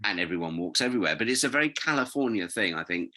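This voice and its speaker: A middle-aged British man chatting in an interview, telling rambling, animated stories and drifting off on tangents. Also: fairly low pitch, quick pace. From Britain. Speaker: guest. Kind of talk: casual interview chat.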